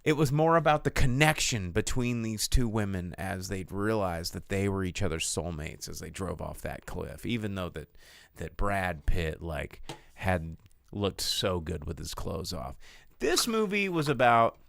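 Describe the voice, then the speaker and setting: A man hosting a podcast, rambling through a crude, animated film review in casual chat. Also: low-pitched, a little slow, vocal fry, no echo, studio quality.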